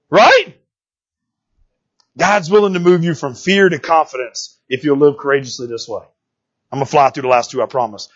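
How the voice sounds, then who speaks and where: Male pastor, high and slightly breathy voice, casual lively sermon delivery, somewhat muffled recording. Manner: lively and conversational, often asking "right?".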